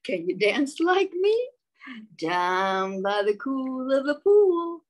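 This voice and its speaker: A woman's voice: high-pitched, very animated, slow, voice pushed up, full character voice. A woman voicing a joyful little dancing frog that squeals with glee. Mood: gleeful. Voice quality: squealing, giddy.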